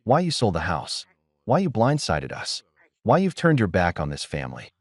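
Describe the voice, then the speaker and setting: A man's voice: on the low side, wildly swooping pitch, moderate pace, slightly rough, no room sound, heavily acted. A man voicing a stern, domineering middle-aged father who scolds sharply through gritted teeth.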